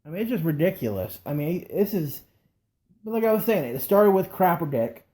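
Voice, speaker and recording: Cohost guy, swears a lot while he complains, warm mellow voice. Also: sits high, very animated, a little fast. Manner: profane, joins in the griping. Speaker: podcast co-host. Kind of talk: casual chat.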